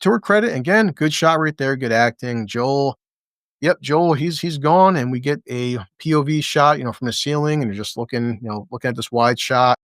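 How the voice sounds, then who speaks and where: A man's voice: medium pitch, moderate pace, a bit bright, no room sound, studio quality. A man casually reviewing a TV episode, blunt and swearing a lot as he talks through the scenes. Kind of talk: casual profane reaction commentary.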